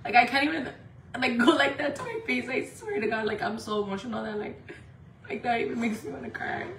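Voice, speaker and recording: A woman from Indio, California, chatting casually on a makeup livestream from home, talking fast and loose, swearing freely and saying "like" a lot. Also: medium pitch, fairly bright tone, recorded from a distance. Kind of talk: casual live-stream chat. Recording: echoey room with faint background noise.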